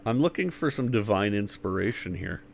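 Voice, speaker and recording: Man, tabletop player, hesitant, halting, low gravelly voice. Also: animated, slight background noise. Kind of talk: casual chat at a tabletop game.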